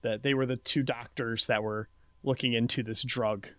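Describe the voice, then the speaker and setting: A man co-hosting a podcast, summarizing a movie's plot in a steady recap and chatting about it. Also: medium pitch, normal speed, no room sound, clean studio sound. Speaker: podcast co-host recapping the film. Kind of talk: casual recap and chat.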